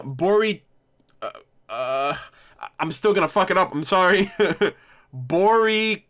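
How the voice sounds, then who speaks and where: A man's voice: a little high, pushed and bright. A man hosting a casual livestream discussion, rambling and correcting himself with frequent laughs. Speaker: livestream host.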